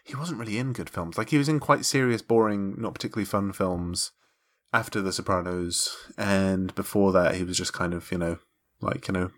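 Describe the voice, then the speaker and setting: A man's voice: sits low, fairly quick. A man co-hosting a podcast, chatting casually with swearing and jokes. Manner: sweary, joking, lively. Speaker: podcast co-host.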